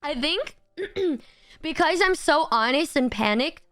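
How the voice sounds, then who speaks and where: A young woman in her twenties, streaming and telling a story in a casual, animated way, laughing often and swearing freely. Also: high-pitched, slow pace, no echo, clean studio sound. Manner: animated, giggly, swears a lot. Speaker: livestreamer.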